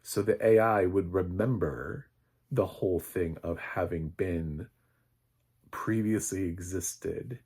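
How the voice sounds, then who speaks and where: A man's voice: low voice, takes it slowly, a little mellow, husky. A man, a film critic, giving a casual spoken recap of a TV episode in a rambling, chatty way with many fillers and chuckles.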